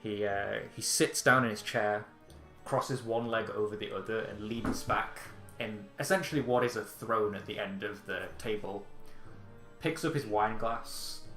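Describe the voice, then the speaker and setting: A man narrating as game master in a relaxed way with many fillers. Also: lowish voice, a little slow, soft background music. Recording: echoey room.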